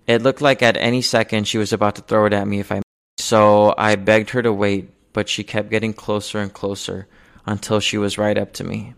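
Young man with a low gravelly voice. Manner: earnest, measured, hushed on painful moments. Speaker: storyteller. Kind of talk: personal spoken-word storytelling.

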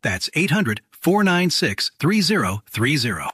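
An actor playing a persuasive, upbeat TV ad announcer reading out a hotline pitch. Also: male voice, sing-song, brisk, husky. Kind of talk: ad read.

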